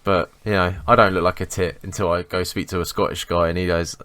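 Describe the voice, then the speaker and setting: Deep-voiced sweary man telling stories. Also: fairly even intonation, fast talker, fairly bright tone, slight background noise. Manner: sweary, storytelling, self-mocking. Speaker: podcast co-host. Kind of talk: casual podcast chat.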